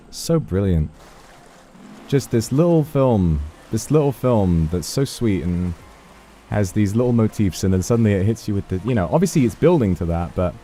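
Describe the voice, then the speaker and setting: A man's voice: on the low side, warm tone. A man streaming a racing game in casual chat, reacting to the race and musing emotionally about a film.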